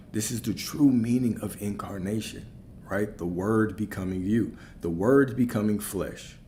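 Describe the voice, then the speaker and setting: Male spiritual coach, low mellow voice, emphatic preaching with repeated lines and rhetorical questions. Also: slight background noise.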